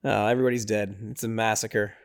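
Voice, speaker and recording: A young man with a clear, resonant voice and quick pace hosts a podcast, casually recapping a horror film. Excitable and heavy on fillers, he briefly voices the characters' lines in a high pitch.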